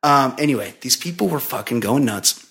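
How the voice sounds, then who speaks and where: A man's voice: medium pitch, normal speed, gravelly, breathy edge. A man in his forties, a podcast host, telling a story in casual chat with lots of swearing. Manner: profane, animated storytelling.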